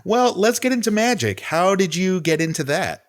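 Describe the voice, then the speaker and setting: A man's voice: high-pitched, sing-song, moderate pace. A man hosting an interview podcast, asking short, simple questions. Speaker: podcast host.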